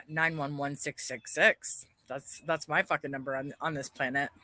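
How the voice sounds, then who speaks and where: A woman's voice: sits low, steady tone, moderate pace, pushed and bright, dry recording. A woman ranting bitterly on a livestream, swearing heavily and airing her grievances. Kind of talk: angry livestream rant.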